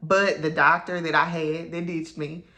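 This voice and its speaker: A woman's voice: sits low, level tone, moderate pace, pushed and bright. A woman telling her own story to camera in a candid, chatty way, with lots of ums and likes. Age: adult mother. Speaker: vlogger. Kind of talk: casual personal storytelling to camera.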